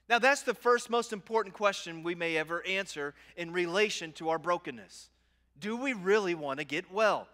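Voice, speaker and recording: A man's voice: high voice, sing-song, normal speed, sharp tone. A man in his forties preaching a sermon as a pastor, talking conversationally with self-deprecating humor and often restarting and repeating phrases.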